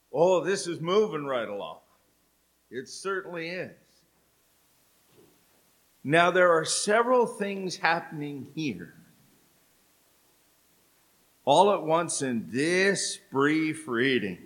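A middle-aged man preaching a sermon in church, telling stories with dramatic pauses. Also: on the high side, big pitch swings, fairly bright tone. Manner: slow, storytelling delivery with dramatic pauses. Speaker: pastor. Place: church sanctuary.

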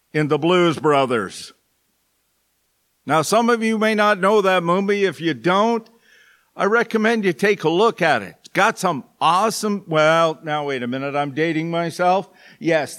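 Man, pastor, church sermon, folksy asides, slow pace. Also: fairly high pitch, a bit bright. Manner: folksy, joking asides to the congregation.

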